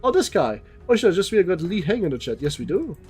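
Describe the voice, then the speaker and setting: Excitable young man streaming a game. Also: high voice, fast, slightly rough, faint music behind. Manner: excitable, swearing, reacting out loud. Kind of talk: live game stream commentary.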